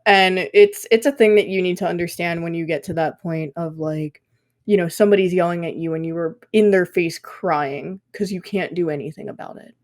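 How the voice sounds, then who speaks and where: A woman's voice: lowish voice, brisk. A young woman in her twenties telling stories in a casual podcast chat. She swears freely and fills her talk with fillers. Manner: animated storytelling, swearing, frequent fillers. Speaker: podcast guest.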